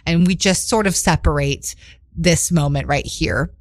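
A young woman co-hosting a podcast, telling a story in a casual, animated way, laughing often and acting out quotes. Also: low-pitched, normal speed, dry recording, clean studio sound. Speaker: podcast co-host.

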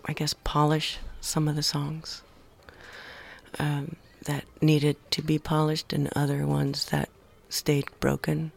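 Low, creaky, and entirely flat, this middle-aged woman's voice carries a Valley girl accent from California's San Fernando Valley. A musician on a casual radio interview, she drifts slowly and hesitantly, with frequent ums and quiet trailing asides.

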